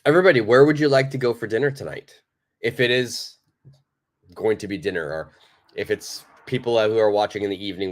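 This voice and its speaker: Lively man teaching English live. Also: lowish voice, fairly quick. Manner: lively, emphatic explaining, reads viewer comments aloud. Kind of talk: live online English lesson.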